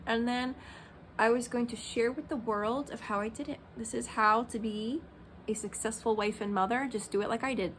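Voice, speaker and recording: With a fairly high, fairly bright voice and a steady tone, this Christian vlogger in her thirties talks at normal speed. She rambles candidly through her personal vlog, filling gaps with "um" and "like," and there's slight background noise.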